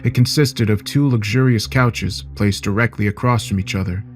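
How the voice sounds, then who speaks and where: Brief: male horror narrator, low, measured, soft music bed.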